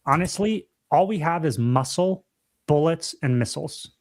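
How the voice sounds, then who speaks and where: A man's voice: a little high, animated, moderate pace. A young man co-hosting a podcast in casual chat, talking emphatically, repeating himself and calling his friend dude and bro. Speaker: podcast co-host.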